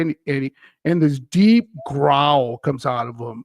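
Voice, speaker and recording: Gravelly-voiced man telling a ghost story. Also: fairly high pitch, expressive, moderate pace, dry recording, clean studio sound. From Wisconsin, USA. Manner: rambling with frequent "uh" and chuckles. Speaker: guest, paranormal podcast host. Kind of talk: casual storytelling.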